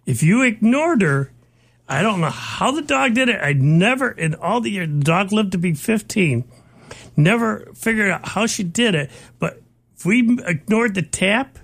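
A man with a notably high voice chats as a co-host. He talks in a folksy, anecdotal way. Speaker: podcast co-host. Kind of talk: casual chat.

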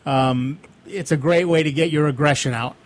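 A man's voice: a little high, fairly even intonation, normal speed. A man hosting a casual radio tech call-in show, explaining at length with frequent ums and asides.

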